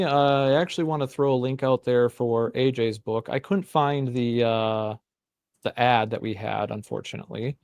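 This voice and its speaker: A man hosting a casual panel talk show, speaking emphatically and building up to forceful rhetorical questions. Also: medium pitch, dry recording. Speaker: podcast host.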